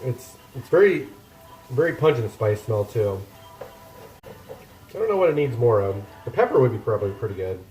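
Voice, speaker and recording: Guy cooking in his kitchen and rambling to chat, kinda self-deprecating, some quiet music playing. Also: medium pitch, sing-song, normal speed, long pauses, reverberant. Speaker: cooking streamer. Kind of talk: casual cooking chat with live chat. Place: home kitchen.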